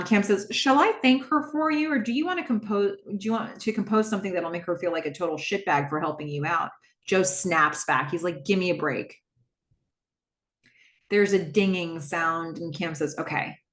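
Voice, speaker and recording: A woman hosting a podcast, casually recapping a TV episode and acting out the characters' lines in lively asides. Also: lowish voice, echoey room. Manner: animated, acts out dialogue in quoted asides.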